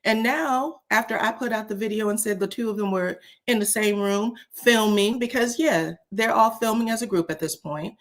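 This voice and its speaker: A woman hosting a casual commentary show. She talks in a sassy, animated way, often says "child", chuckles, and uses "um". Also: medium pitch, moderate pace, few pauses. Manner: frequent chuckles and filler "um". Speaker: host of a reality TV commentary channel.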